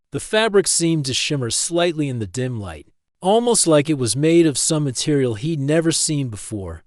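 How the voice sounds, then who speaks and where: A man narrating a scripted story in a steady, even storytelling manner. His voice is mid-pitched and sounds dry and close to the mic, with no room sound. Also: dry recording.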